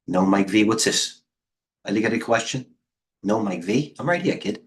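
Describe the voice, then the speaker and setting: A middle-aged man hosting a live trading stream, talking in a rambling, excitable way and chatting with viewers. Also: on the low side, moderate pace. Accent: New York. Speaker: trading coach hosting a livestream. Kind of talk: casual live market commentary.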